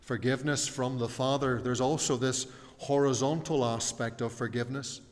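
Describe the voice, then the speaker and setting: A man's voice: mid-range voice, fairly even intonation, moderate pace. A man preaching a sermon, explaining a passage earnestly and putting questions to his listeners. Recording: reverberant hall.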